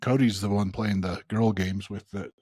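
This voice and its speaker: Husky low-voiced man, dry-recorded. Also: fairly even intonation, moderate pace, darkish tone, dry recording. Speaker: podcast co-host. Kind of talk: casual recap chat.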